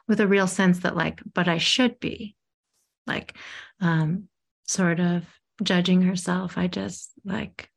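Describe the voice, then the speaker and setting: Slow, soft-spoken woman with a gravelly, husky voice. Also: lowish voice, little pitch movement. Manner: halting, soft-spoken, often drops to a whisper. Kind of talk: reflective storytelling.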